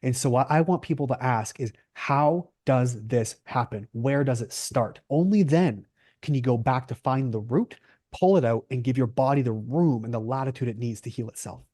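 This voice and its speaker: Canadian man, nutritionist guest, emphatic and questioning, warm tone, dry close sound. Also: mid-range voice, fairly quick, no echo. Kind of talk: podcast interview.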